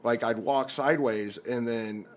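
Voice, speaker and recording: Profane, animated male comedian telling a story. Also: mid-range voice, measured pace. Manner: profane, animated storyteller who acts out quotes loudly. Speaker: podcast comedian. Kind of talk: casual storytelling among friends.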